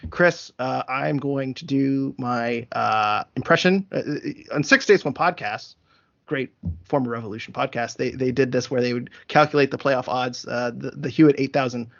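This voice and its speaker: A man's voice: medium pitch, fairly bright tone. A man hosting a casual sports podcast, talking through numbers methodically with frequent fillers. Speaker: podcast host. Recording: dull lo-fi sound.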